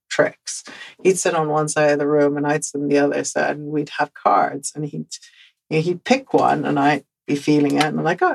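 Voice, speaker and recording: Telling a personal story on her podcast, a woman from the Netherlands speaks with a Dutch accent, laughing frequently and repeating words for emphasis in an animated manner. Her voice is low-pitched with vocal fry and a breathy edge, and the audio is poor.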